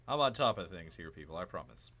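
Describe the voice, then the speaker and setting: Lively bright-voiced man playing a strategy game. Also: sits low, fast talker. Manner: chatty, talks to himself, cheers and groans at the game. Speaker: gaming channel host. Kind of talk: casual strategy game commentary.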